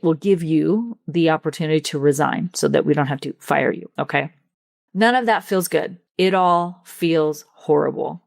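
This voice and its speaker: A woman with a notably low voice hosts her own coaching podcast. She speaks earnestly and with empathy, drawing out the words she wants to land. The recording is dry and close, with no room sound. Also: creaky, no echo. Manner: earnest, empathetic, slows down to stress points. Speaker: leadership coach and podcast host. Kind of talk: solo podcast coaching talk.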